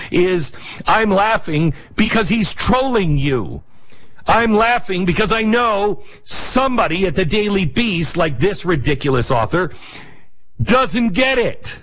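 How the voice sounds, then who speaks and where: A middle-aged man hosting a talk show, delivering a rapid, sarcastic opinion monologue. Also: high voice, a bit bright.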